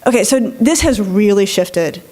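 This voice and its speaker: A middle-aged woman, a psychologist, giving a lively conference talk, telling anecdotes and acting out quotes, with many "right?" and "like" asides. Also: mid-range voice, unhurried. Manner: lively storytelling with acted-out quotes, frequent "right?" and "like".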